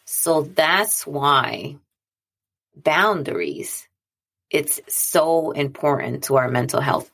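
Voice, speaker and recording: Woman, low gravelly register, earnest chatty monologue, repeats lines to drive the point home. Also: takes it slowly, fairly bright tone. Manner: earnest, conversational, repeats phrases for emphasis. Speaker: speaker on mental health and boundaries. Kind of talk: reflective monologue.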